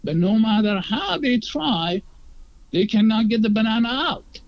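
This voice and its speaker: Earnest high-voiced man telling a story. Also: lively intonation, a little slow. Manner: earnest, acts out quoted dialogue. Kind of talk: conversational storytelling. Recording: dull lo-fi sound.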